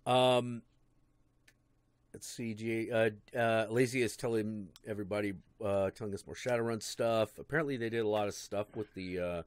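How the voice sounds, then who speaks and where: A man's voice: lowish voice, fairly even intonation, normal speed, smooth, dry recording. A man hosting a livestream in a laid-back casual chat, reading out chat messages and swearing casually. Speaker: stream host.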